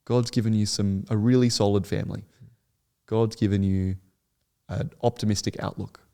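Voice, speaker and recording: A man's voice: on the low side, steady tone, moderate pace, vocal fry, dark tone, smooth. A young man speaking as a podcast guest, telling his story in an earnest, rambling way with many restarts. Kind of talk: podcast interview.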